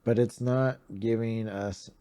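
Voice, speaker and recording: A man's voice: fairly low pitch, steady tone, slow pace, mellow, smooth. Easygoing male podcast host. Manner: easygoing, laughs often. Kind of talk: casual chat.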